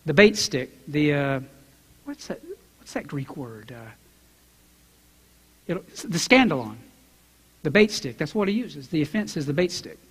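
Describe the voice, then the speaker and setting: A man preaching a sermon as a pastor, acting out Bible characters in quoted voices and building to loud, emphatic preaching. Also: on the high side, big pitch swings, unhurried, pauses often, breathy edge, long reverb tail. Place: church sanctuary.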